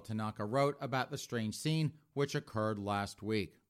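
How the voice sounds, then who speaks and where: A man's voice: fairly low pitch, measured pace, clean tone. A man hosting a podcast with mocking, sarcastic commentary, often addressing listeners as folks. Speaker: podcast host.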